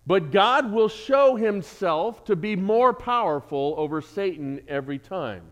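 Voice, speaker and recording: A man preaching a sermon as pastor, animated, with jokes and asides to the congregation. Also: high voice, unhurried.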